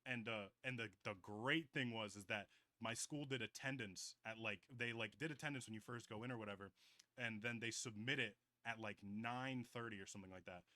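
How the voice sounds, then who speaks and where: Speaking a little fast, this twenty-something podcast co-host has a lowish, pushed, bright voice captured in a dry recording. He rambles through long stories in relaxed conversation, leaning heavily on "like" and swearing.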